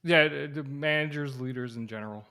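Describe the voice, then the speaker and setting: A man's voice: medium pitch, a little fast, bright, forceful tone. A man hosting an interview podcast, talking loosely with lots of fillers. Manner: loose phrasing with many fillers. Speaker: podcast host. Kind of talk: casual interview chat.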